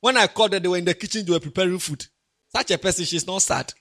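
Ghanaian male pastor, high husky voice, animated sermon delivery. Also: very fast. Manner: animated, swings from quiet asides to loud emphatic preaching.

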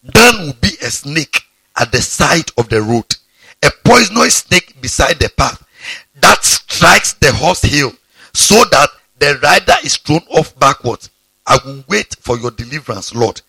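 A pastor preaching a sermon, breaking into sudden high exclamations. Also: male voice, bright, forceful tone, husky, dry recording.

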